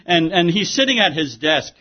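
A man's voice: sits high, big pitch swings, moderate pace. A man preaching a sermon as pastor, in a conversational way with rhetorical questions and frequent restarts. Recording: dull lo-fi sermon recording.

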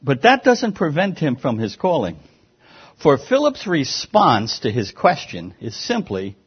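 A man preaching a sermon, lively and emphatic, often restarting his words. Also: medium pitch, normal speed, slightly rough. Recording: dull lo-fi sound.

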